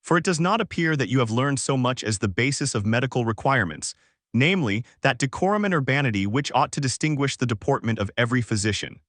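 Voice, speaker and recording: A man voicing a cunning young male adventurer who speaks with haughty, measured poise. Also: medium pitch, expressive, fairly bright tone, no echo, studio quality.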